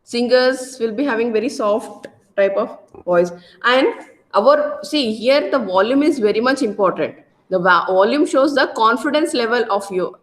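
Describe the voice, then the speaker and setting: A woman lecturer with an Indian English accent from Karnataka, giving a loud, repetitive classroom lecture full of tag questions. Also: on the high side, expressive, moderate pace. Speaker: college lecturer.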